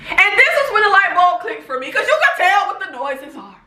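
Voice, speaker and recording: A woman's voice: extremely high pitch, brisk. A woman giving a casual TV show recap, laughing often and talking straight to her viewers. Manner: animated, laughs often, talks to viewers as "baby" and "y'all". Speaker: TV recap vlogger. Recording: echoey room.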